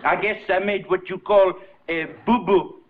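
An actor playing a pompous French dance partner in a sitcom, with a French accent. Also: male voice, high-pitched, steady tone, moderate pace, a crowd in the background, noisy background, close to an everyday voice. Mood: sheepish. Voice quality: pompous, theatrical. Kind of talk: sitcom acting. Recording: dull old TV sound, studio audience.

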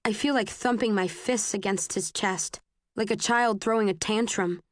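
A woman reading a first-person novel aloud in a measured, even way. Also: mid-range voice, no room sound, clean studio sound. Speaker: audiobook narrator.

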